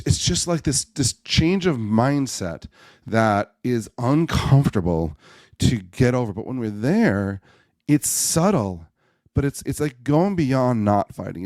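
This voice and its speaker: A man, a podcast guest, telling personal stories in an animated way and acting out the voices in them. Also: medium pitch, no echo, studio quality. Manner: animated storyteller, acts out voices in anecdotes. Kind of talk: storytelling in a podcast conversation.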